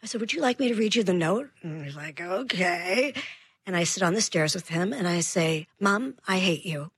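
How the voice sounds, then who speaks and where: Brief: female parenting expert guest, slightly husky, dry close mic, animated storyteller. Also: fairly low pitch, fairly quick, dry recording. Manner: animated storyteller acting out dialogue. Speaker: guest child behavior expert. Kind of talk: radio interview storytelling.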